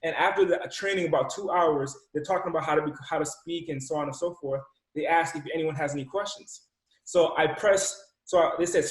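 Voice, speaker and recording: Energetic storytelling man in a roomy space. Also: a little high, fairly quick. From Rhode Island, US. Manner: energetic, repeats words, acts out dialogue. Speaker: podcast guest, motivational speaker. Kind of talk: animated personal storytelling. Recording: roomy echo.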